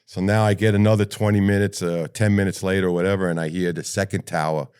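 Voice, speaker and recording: An older man with a New York accent telling a rough, profane story as a retired firefighter in an interview. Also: deep voice, fast. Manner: blunt, profane, lively retelling.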